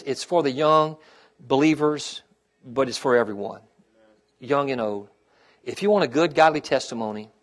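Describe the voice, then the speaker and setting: A middle-aged pastor with a mid-range voice preaches to his congregation, regularly prompting them with "okay?" and "amen?" Talking about his own struggles, he drops to a quiet, heartfelt register.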